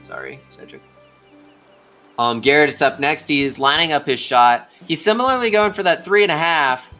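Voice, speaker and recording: A man's voice: mid-range voice, pushed and bright. A young man giving casual live play-by-play commentary on a video game golf tournament, chatty and talking straight to the players.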